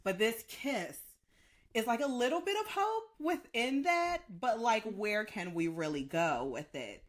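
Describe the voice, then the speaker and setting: A woman co-hosting a podcast in casual chat, gushing and animated as she breaks down scenes. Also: fairly high pitch, unhurried. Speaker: podcast co-host.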